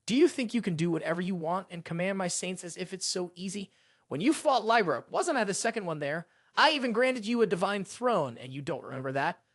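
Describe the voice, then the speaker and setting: A man's voice: high voice, animated, fairly quick, a bit bright, dry recording, studio quality. A man voicing a proud, dramatic male sun god who complains indignantly in a story recap. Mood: furious.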